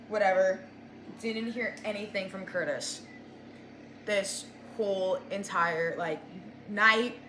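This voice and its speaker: A woman's voice: medium pitch, heavy background noise. A young woman in her twenties telling a storytime rant, chatty and exasperated, full of "like.". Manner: chatty, exasperated, sprinkles "like" everywhere. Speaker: vlogger. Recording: echoey room with dish and cutlery clatter.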